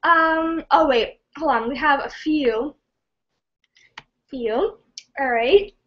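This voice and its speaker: A woman hosting a casual live stream, reading viewer comments in an excitable, scattered and giggly way. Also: high-pitched, slow pace, highs cut off.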